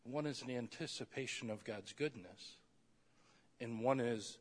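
A man preaching a sermon, asking his listeners questions and acting out quoted prayers, loud at times. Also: mid-range voice, a little slow.

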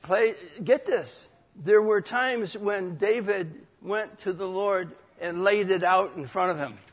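A man preaching a sermon and reading scripture aloud, swinging between loud declaring and quiet, reflective reading. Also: high voice, slow pace. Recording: long hall reverb.

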